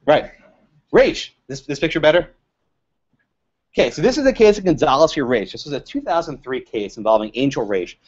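A man giving a lively, joking law lecture to a live audience, quizzing the room and laughing at his own jokes. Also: mid-range voice. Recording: dull lo-fi lecture recording.

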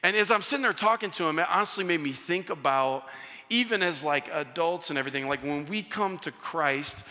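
Animated male pastor, bright voice. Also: fairly quick. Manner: animated, self-mocking, acts out a crying child in high pitch. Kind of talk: conversational sermon with storytelling. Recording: long hall reverb.

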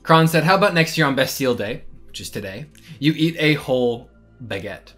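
A man's voice: medium pitch, lively intonation, fairly quick, fairly bright tone, faint music behind. A young man and student rambling casually to camera in a vlog, self-deprecating and chatty. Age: young adult. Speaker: vlogger.

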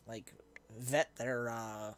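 Extremely slow and flat in delivery, this medium-pitched young man streams a game while reading and answering his chat. He chats casually in a rambling way, mocking himself and laughing easily.

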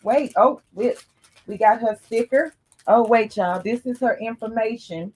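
A woman chatting casually to her viewers as she unboxes gifts, calling them y'all and breaking into excited exclamations. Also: on the high side, measured pace, a little hiss or hum.

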